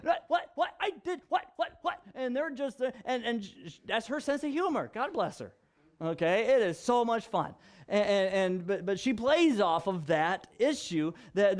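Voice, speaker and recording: A man with a fairly high voice teaches scripture in a relaxed, chatty way. He is animated and repeats himself for emphasis, often starting a phrase over. He acts out little examples as he goes. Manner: frequent restarts and emphatic repetition. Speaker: pastor. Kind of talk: casual Bible teaching.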